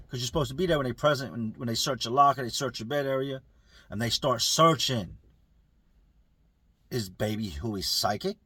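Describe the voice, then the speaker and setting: A man telling a prison story in casual street slang, lively and full of acted quotes. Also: medium pitch, moderate pace, slightly rough, dry recording. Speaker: storyteller recounting prison life.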